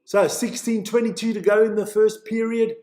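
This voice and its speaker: At a moderate pace and in a high-pitched voice, a Swiss streamer delivers chatty, excited play-by-play live from an echoey room, stumbling over players' names and reading out the chat.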